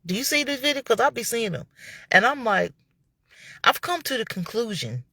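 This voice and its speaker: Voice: mid-range voice, moderate pace, no echo. Gossipy storyteller with a dry, close sound. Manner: animated, gossipy, exclamatory asides. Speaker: commentary channel host. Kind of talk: casual storytelling commentary.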